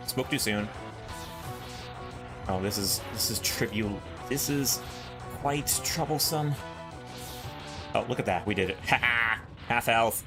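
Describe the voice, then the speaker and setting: A man casually commenting on his own gameplay, playful and jokey, talking to himself and hunting for puns. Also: mid-range voice. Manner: playful, jokey, talks to himself while playing. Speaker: let's play host. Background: game music.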